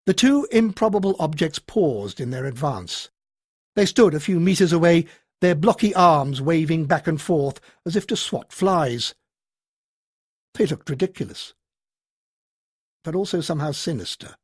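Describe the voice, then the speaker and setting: A man narrating a science fiction audiobook in a dramatic, expressive storytelling manner. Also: on the high side, measured pace, long pauses, breathy edge, dry recording, clean studio sound. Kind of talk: scripted narration.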